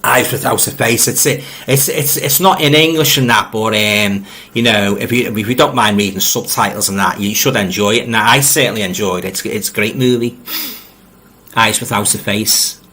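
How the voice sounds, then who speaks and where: A man's voice: on the low side, moderate pace, bright, forceful tone. A middle-aged man with a Liverpool accent hosts a casual live stream. He reads out viewer comments, rambles, and often repeats words as he restarts. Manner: friendly, addresses viewers directly. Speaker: livestream host reading viewer comments.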